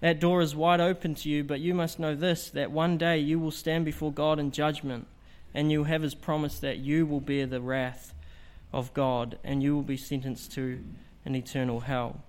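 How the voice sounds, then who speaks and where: Male preacher, slightly raised pitch, earnest and emphatic delivery, sermon. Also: level tone, moderate pace, few pauses. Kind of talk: evangelistic sermon.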